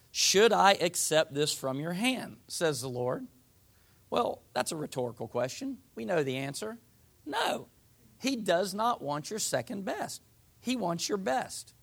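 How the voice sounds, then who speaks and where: A man with a slightly high, somewhat bright voice and vocal fry preaches a sermon in a folksy, conversational way. He reads scripture and acts out what people say in voiced asides.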